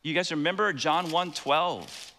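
A man's voice: a little high, a little slow, pushed and bright, slight background noise. A man preaching a sermon as pastor, emphatic and often putting questions to the congregation. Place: church sanctuary. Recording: long reverb of a church hall.

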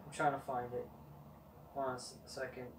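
A man hosts a wrestling review on his channel, ranting in a rambling, dismissive way and swearing constantly, his medium-pitched voice flat and brisk. It was recorded on a camera mic that sounds distant and roomy, with faint noise.

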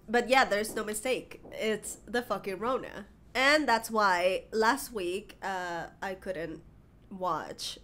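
Nasal, congested woman chatting casually. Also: mid-range voice. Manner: chatty, rambling with fillers and swearing, gushing excitedly while reacting. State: congested and recovering from illness, coughing. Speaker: reaction video host. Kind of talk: casual chat.

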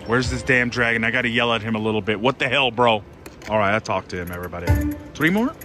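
A man giving excited live commentary as he plays slots in a casino, pleading with the machine and making dramatic exclamations. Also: medium pitch, fast talker. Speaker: slot machine vlogger. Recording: loud casino slot machine music behind. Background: slot machine music.

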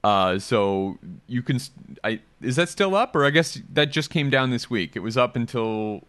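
A man's voice: medium pitch, lively intonation, fairly bright tone, no room sound. Dry-voiced joking male podcast host. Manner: joking, fast, full of fillers. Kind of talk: casual panel chat.

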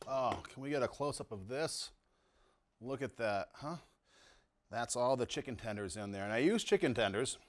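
A man's voice: medium pitch, lively intonation, normal speed. Home cook host, middle-aged man, enthusiastic and chatty in his kitchen, savoring the food aloud. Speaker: home cooking show host. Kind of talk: casual cooking demonstration.

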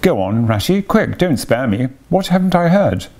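A man's voice: mid-range voice, sing-song, normal speed, vocal fry, darkish tone. A man doing a pompous storybook toad. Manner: pompous, then self-pitying. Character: boastful excitable male toad, easily upset.

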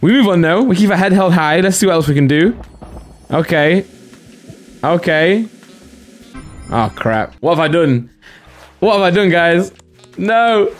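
A young man with a high, bright voice, rattling off excited commentary on opening card packs. He keeps the energy up, yells at big pulls, and has faint music playing behind him. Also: normal speed. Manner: hyped, shouting with excitement at pulls. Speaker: host. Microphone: desk microphone with green screen.

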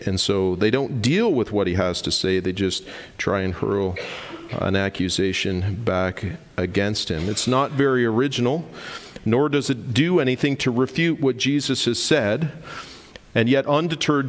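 A male pastor preaching a sermon in an earnest, emphatic way, reading scripture aloud. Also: mid-range voice. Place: church sanctuary. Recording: long hall reverb.

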